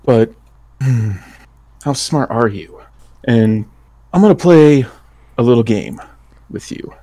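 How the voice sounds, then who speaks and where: A man playing in a tabletop role-playing game, talking in a relaxed, rambling way and laughing often. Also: mid-range voice, slow. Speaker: player.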